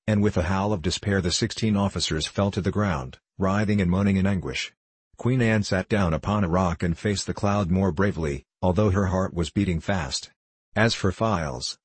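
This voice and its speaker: A man narrating a fairy tale audiobook in an even, measured way. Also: low voice, slightly rough, dry recording.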